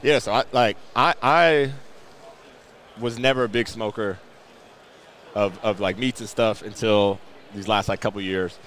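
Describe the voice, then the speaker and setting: A man guest on a radio show, chatting casually and upbeat while pitching a product. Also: unhurried, a bit bright. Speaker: guest football player. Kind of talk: casual interview chat. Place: outdoor radio row booth.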